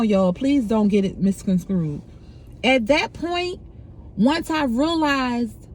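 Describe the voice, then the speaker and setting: A woman's voice: on the high side, darkish tone, slight background noise. Emotional woman telling a raw personal story. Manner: emotional, frank, conversational with profanity. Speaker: storyteller sharing personal experience. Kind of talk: candid personal confession.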